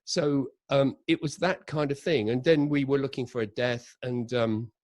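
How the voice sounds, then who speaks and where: A man, a director, telling production anecdotes in a relaxed interview and acting out the quotes he recalls. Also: medium pitch, normal speed, dry recording. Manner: animated anecdotes with acted-out quotes. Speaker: audio drama director, interview guest. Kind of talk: conversational interview storytelling.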